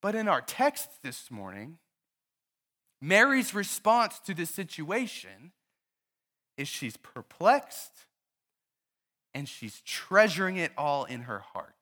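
A pastor delivers a sermon in a church in a high, bright voice. He tells a story in an animated way and keeps asking his listeners questions. The sound is clean and close to the mic. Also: takes it slowly, pauses often.

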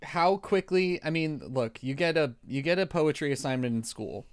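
A man's voice: a little high, animated, moderate pace, smooth, dry recording, clean studio sound. A man co-hosting a podcast, chatting casually in a joking, rambling way and laughing often. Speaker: podcast co-host. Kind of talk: casual chat.

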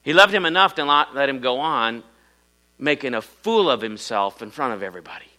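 Bright-voiced man preaching with big swings. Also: mid-range voice, lively intonation, fairly quick. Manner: dynamic preacher, swings from loud emphatic bursts to quiet asides; acts out little quoted voices in his story. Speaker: pastor. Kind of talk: sermon.

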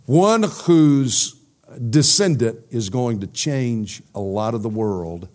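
A middle-aged man preaching a sermon and then answering questions from his congregation, emphatic, sinking to a soft intensity at key points. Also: mid-range voice, animated, slow pace.

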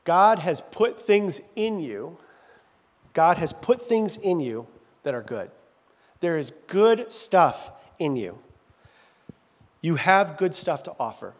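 A man's voice: a little high, very animated, takes it slowly, pauses often, long reverb tail. A man preaching a sermon as a pastor in a church, talking in a loose, joking, self-deprecating way. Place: large church sanctuary.

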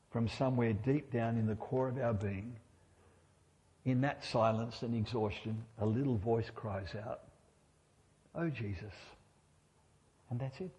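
A man's voice: medium pitch, mellow, big-room sound, highs cut off. A middle-aged man preaching a sermon in church, conversational and humorous, often asking his listeners rhetorical questions.

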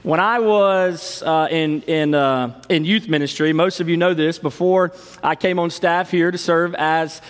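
A middle-aged man, a pastor telling stories in an animated sermon. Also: a little high, unhurried, hardly any pauses, clear, resonant tone. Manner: storytelling, animated, fond of shouting the cheer. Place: large church sanctuary. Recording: long hall reverb.

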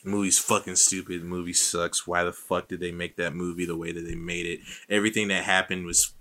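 Low-voiced man ranting with profanity. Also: fairly quick, hardly any pauses. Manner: profane, animated rants with mock voices. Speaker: podcast co-host. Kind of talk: casual movie chat.

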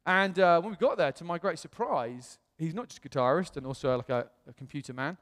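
A man preaching in a chatty storytelling manner, his voice sitting a little high. He slips into lively voices when he quotes people. The sound carries a long reverb from a large hall. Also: fast. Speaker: pastor. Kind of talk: sermon.

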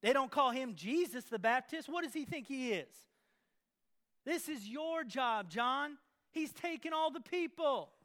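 A man doing a brash, high-pitched young disciple. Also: a little slow, heavily acted. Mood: indignant. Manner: slangy, excited tattling. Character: brash young male disciple, gossipy and indignant.

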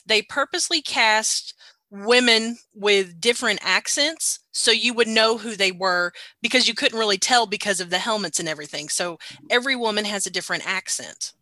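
A woman's voice: medium pitch, normal speed, sharp tone, no echo. A woman in casual chat, emphatic and full of "like". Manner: emphatic, uses "like" often.

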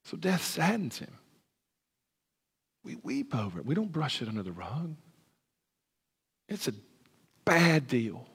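A man with a husky, slightly breathy voice preaches a sermon as pastor. His delivery is animated, and he acts out the lines of the story. A long reverb from the hall trails after each phrase. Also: fairly high pitch, unhurried, long pauses. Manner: animated, acts out dialogue, stammers when excited. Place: church sanctuary.

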